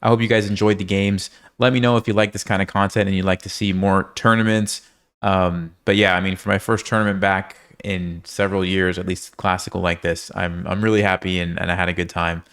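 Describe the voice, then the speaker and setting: A man's voice: low voice, flat delivery, fairly quick, fairly bright tone, clean tone. A man talking casually and upbeat to his viewers, with plenty of filler words, reflecting on a tournament. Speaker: chess player and video creator.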